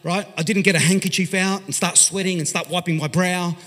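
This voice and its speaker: An Australian pastor telling a story in an animated, conversational sermon, swinging from loud to hushed. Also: male voice, high-pitched, brisk. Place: large church hall. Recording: long hall reverb.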